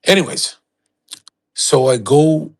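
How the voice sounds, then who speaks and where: A man's voice: a little high, slow pace. A man livestreaming, telling a rambling, profane, boastful story in a casual way.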